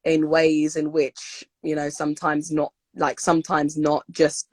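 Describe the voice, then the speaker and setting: A woman's voice: low voice, completely flat delivery, a little slow, a little mellow, no room sound. Upbeat young woman, dry close sound. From United Kingdom. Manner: upbeat, loose, many fillers and repeats. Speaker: interview guest. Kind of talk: casual interview chat.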